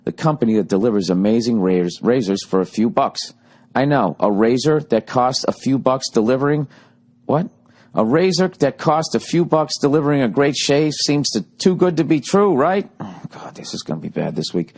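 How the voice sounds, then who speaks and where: A man's voice: mid-range voice, moderate pace, darkish tone. A man hosting a solo podcast, half-mocking the ads he reads with profane, sarcastic asides before sliding into a loose rant. His voice sounds worn from nightly shows, and he talks casually and irreverently throughout. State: voice going hoarse from shows. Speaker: podcast host.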